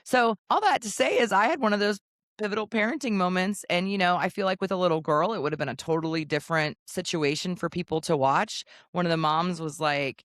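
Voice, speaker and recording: A woman co-hosting a podcast, telling a parenting story in an animated, casual way and acting out voices. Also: on the low side, fairly quick, dry recording, clean studio sound. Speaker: podcast co-host. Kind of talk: casual chat.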